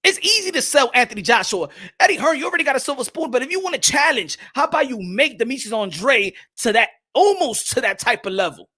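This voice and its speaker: High, bright-voiced man ranting about boxing. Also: animated, fast talker, hardly any pauses. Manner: heated, profane, repeats himself and stumbles over words; greets chat viewers by name mid-rant. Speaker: boxing commentary host. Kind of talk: live-stream boxing rant.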